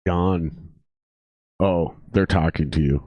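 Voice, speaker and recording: A man's voice: deep voice, fairly even intonation, slow pace, dry recording, lo-fi sound. A young man from the Upper Midwest hosting a podcast, talking in a loose, sweary, tired way. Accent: Upper Midwest American. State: exhausted. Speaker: podcast host. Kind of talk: casual chat.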